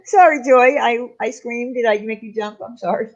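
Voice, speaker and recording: A woman's voice: on the high side, flat delivery, normal speed, dull audio. A chatty, playful woman co-hosting a casual livestream and welcoming viewers. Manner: chatty and playful, laughs easily. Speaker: livestream co-host.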